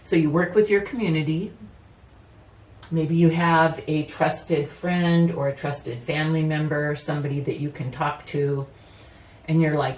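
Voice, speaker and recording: A woman's voice: deep voice, steady tone, unhurried, darkish tone, slight background noise. A woman giving a casual tarot reading, chatty and personal, often saying "you know" and laughing easily. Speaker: tarot reader. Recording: roomy echo, mic at a distance, faint ambience.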